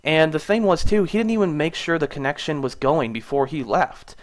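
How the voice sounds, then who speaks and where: A man's voice: a little high, expressive, brisk. A young man in casual vlog storytelling, recounting a complaint and getting indignant, his voice rising when annoyed. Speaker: gaming YouTuber.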